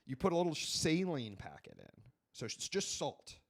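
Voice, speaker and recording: Man, stream host, animated pitch, rambling, swears a lot, small studio. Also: normal speed, vocal fry. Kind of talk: casual live-stream chat.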